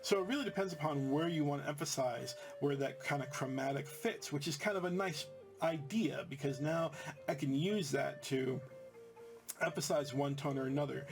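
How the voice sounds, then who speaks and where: A man's voice: on the high side, gravelly. A man teaching music in a casual, explanatory way, full of fillers and restarts as he walks students through a new note. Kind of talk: instructional commentary.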